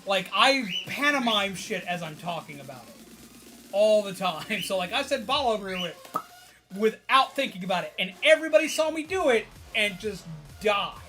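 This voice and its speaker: A man streaming to his viewers in casual chat, excitable and tired, swearing and laughing often as he rambles. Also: high voice, moderate pace, faint music behind.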